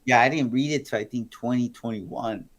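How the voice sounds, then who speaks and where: A mid-pitched man tells stories as a stream guest, in an animated, rambling way. He restarts his sentences often and curses casually. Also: moderate pace. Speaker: guest, former kingpin. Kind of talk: casual storytelling on a live stream.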